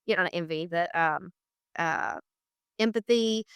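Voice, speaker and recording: A woman's voice: lowish voice, measured pace, clean tone, no echo, clean studio sound. A woman speaking as a podcast guest, earnest and emphatic, repeating phrases for stress. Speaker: guest, founder of an equine therapy charity. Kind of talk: casual podcast conversation.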